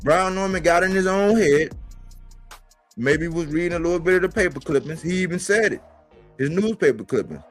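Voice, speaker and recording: Soft background music accompanies this boxing commentator and show host on his livestream. His voice sits high with lively intonation at a fairly quick clip, and he talks emphatically in slang, repeating points for emphasis.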